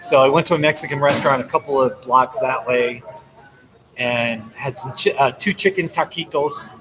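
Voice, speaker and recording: An American vlogger from the New Jersey and New York area live-streams from a coffee shop, recording through a laptop he holds up. His mid-range voice moves at a moderate pace, rambling, chatty, and laughing often, over a background crowd in a rough recording.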